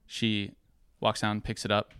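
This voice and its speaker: A young man telling a personal story to an audience, lively and acting out the people in it. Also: lowish voice, measured pace, clean tone, no echo, studio quality. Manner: lively, acts out quoted voices. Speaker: speaker sharing a personal story.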